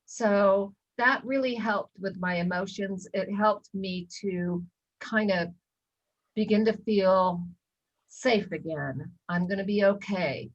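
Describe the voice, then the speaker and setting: A woman's voice: medium pitch, slow, dull audio. A middle-aged woman presenting a wellness talk, telling a personal story with many ums and acted-out quotes. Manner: storytelling with lots of ums, acts out quoted lines. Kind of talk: casual talk in a wellness webinar.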